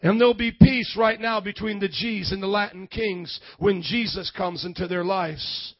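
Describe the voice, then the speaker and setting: A man preaching a lively sermon in a church, shifting between loud shouts and quiet passages. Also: high voice, moderate pace, dry recording, lo-fi sound. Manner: energetic, swings from shouting to hushed. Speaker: pastor.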